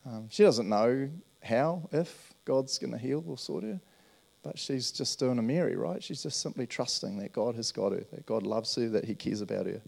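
A man gives a relaxed, conversational sermon in a gravelly voice at an average pitch. He tells stories earnestly and keeps turning to his listeners to ask if they follow. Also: normal speed. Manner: earnest, storytelling, checks in with "right?". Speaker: pastor.

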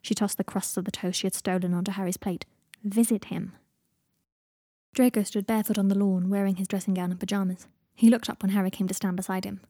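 A woman narrating a fan fiction audiobook in an even, gentle storytelling voice. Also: mid-range voice, fast, few pauses, no room sound, studio quality.

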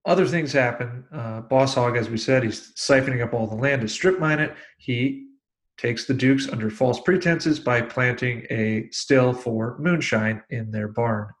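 A man in a casual movie review chat, talking in a wry, dry tone while he walks through the plot. His voice sits at an ordinary middle pitch. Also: measured pace. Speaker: podcast co-host.

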